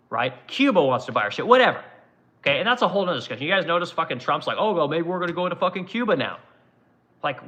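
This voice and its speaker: A man's voice: fairly high pitch, bright, forceful tone. A man streaming a profane, aggressive political rant, mocking the people he argues against.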